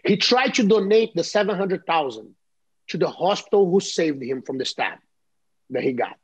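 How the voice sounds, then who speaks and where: A man in his fifties with a Brazilian accent, a guest in an interview, telling stories in an animated way and often repeating and restarting his words. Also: high voice, moderate pace, breathy edge, poor audio. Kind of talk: casual interview storytelling.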